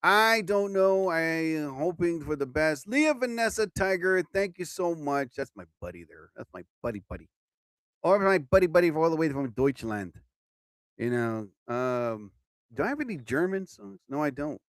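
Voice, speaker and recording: A man's voice: on the high side, big pitch swings, normal speed, a bit bright, no room sound. A man hosting his own live stream as a comedian, chatting casually and rambling from topic to topic.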